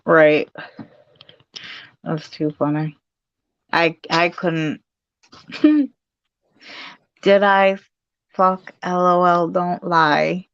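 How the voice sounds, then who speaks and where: A woman's voice: fairly low pitch, extremely slow, long pauses, clean tone, no room sound. A woman in her thirties chatting casually on a game livestream, laughing often and poking fun at herself. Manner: giggly, laughs often, self-deprecating. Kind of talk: casual chat while gaming. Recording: dull lo-fi stream audio.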